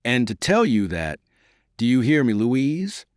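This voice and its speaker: A man's voice: mid-range voice, big pitch swings, a little slow, clear, resonant tone, no echo, clean studio sound, pitched above the performer's own voice. A man voicing a heartbroken young nobleman who speaks with grave, earnest dignity in an audiobook.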